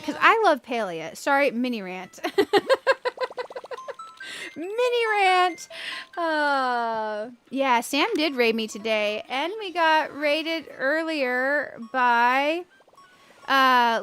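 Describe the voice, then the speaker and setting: A woman's voice: high-pitched, expressive, unhurried, a bit bright, soft background music. A woman streaming a video game, chatting casually, reading chat aloud and ranting playfully with frequent giggles. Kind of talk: casual live-stream chat while gaming.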